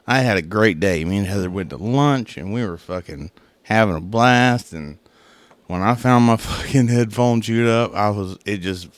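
A man's voice: fairly low pitch, normal speed, no room sound. A man co-hosting a comedy podcast, telling a story in casual chat, swearing and laughing often as he goes. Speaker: podcast co-host.

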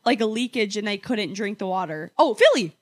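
A woman's voice: mid-range voice, lively intonation, fairly quick. A woman co-hosting a podcast, chatty and casual, often trailing off and restarting, in an apartment. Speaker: podcast co-host. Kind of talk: casual chat.

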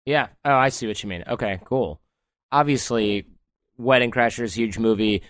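A man's voice: mid-range voice, normal speed, fairly bright tone, no room sound, clean studio sound. A man hosting a casual podcast conversation, chatty and storytelling, laughing easily. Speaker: host.

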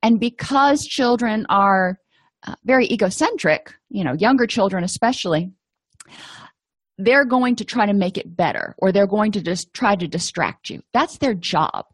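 A woman's voice: medium pitch, animated, moderate pace, breathy edge, dry recording. A middle-aged woman presenting an educational lecture in a conversational, anecdotal way, with frequent fillers.

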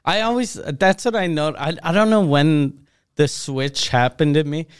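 A man's voice: on the high side, normal speed, clean tone. A man co-hosting a podcast, telling profane, self-mocking anecdotes with laughter in casual chat. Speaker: podcast co-host.

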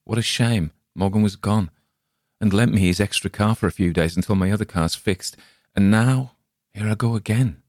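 A man's voice: on the low side, normal speed, a little mellow, dry recording, studio quality, pitched above the performer's own voice, natural voice. A man voicing a badly injured, frightened man. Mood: dismayed. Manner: pleading and panicked.

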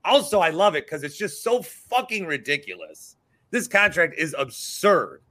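This sports podcast co-host, a man in his thirties, speaks with a Midwestern American accent and swears through his rants in casual conversation. He sounds on the high side, very animated, pushed and bright, at a normal speed.

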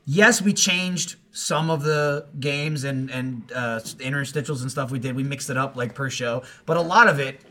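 A man, a podcast regular, chatting casually and swearing freely in an animated way. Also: mid-range voice, normal speed, hardly any pauses. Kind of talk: casual chat.

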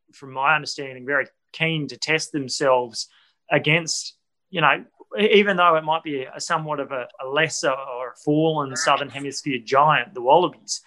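Bright-voiced rugby pundit man. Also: a little high, poor audio. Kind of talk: studio sports discussion.

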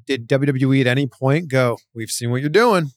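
A man hosting a podcast interview in a studio and asking questions in a lively way. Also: medium pitch, moderate pace, no echo. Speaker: podcast host.

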